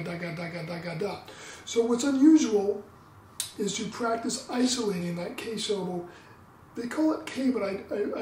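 A man explaining trumpet practice in a relaxed, explanatory way, sometimes singing tonguing syllables. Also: high voice. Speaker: trumpet teacher. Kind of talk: instructional demo talk. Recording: roomy, distant mic, faint background noise.

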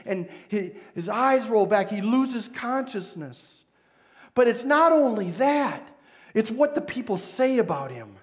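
A male pastor with a high voice and a Midwestern American accent preaches a sermon. He retells the story dramatically, giving voice to its figures.

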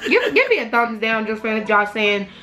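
A woman's voice: a little high, very animated, normal speed, pushed and bright. A young woman and mother chatting and laughing while eating fruit at home for a mukbang vlog. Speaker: vlogger and mother. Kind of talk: casual chat during a fruit mukbang. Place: home, at a table. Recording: noisy home recording.

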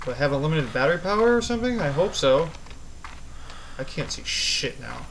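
Man, fairly high voice, horror let's play host, jumpy and foul-mouthed, faint hum behind. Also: big pitch swings, brisk, vocal fry, low-quality recording. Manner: jumpy, swears a lot, yells at the monster. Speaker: gaming channel host.

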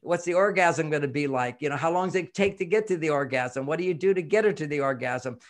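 Higher-voiced man explaining with lively quotes. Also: fast talker. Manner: animated, acts out quoted voices, chuckles often. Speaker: relationship author and expert guest. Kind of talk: casual interview talk.

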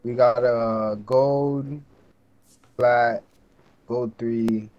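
A man's voice: medium pitch, fairly even intonation, extremely slow, muffled recording. A man talking with other players over game voice chat, laid-back and terse.

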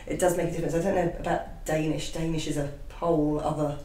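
A chatty woman co-host trades stories in relaxed conversation and laughs often. She sits back from the mic, so her voice sounds distant. The room around her is echoey. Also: low voice, fast talker. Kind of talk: casual chat.

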